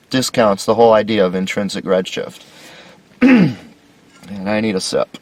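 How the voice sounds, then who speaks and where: A man's voice: lowish voice, dry recording. A man hosting a solo commentary lecture, talking with sarcastic, mocking emphasis. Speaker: video series host.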